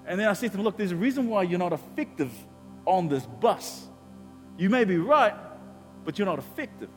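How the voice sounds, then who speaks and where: A man's voice: high voice, fairly quick, in a large hall, faint music behind. A male pastor preaching a sermon and telling a personal story, acting out the dialogue. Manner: animated storytelling, acts out dialogue.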